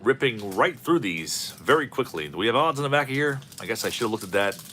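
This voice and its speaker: A man's voice: mid-range voice, expressive, fairly quick, sharp tone, a little hiss or hum. A man hosting a card-opening video, rambling and joking as he calls out player names. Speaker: host of a card-opening channel. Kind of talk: casual commentary while opening packs.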